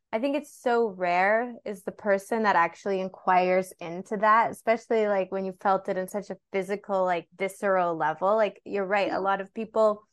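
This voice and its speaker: Thoughtful woman podcast host. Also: mid-range voice. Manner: thoughtful, many "like" fillers. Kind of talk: interview questions.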